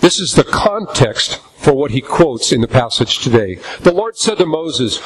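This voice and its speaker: A man preaching a sermon in a church, reading scripture aloud and slowing down for emphasis. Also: mid-range voice, very animated, husky, rough recording. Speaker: pastor.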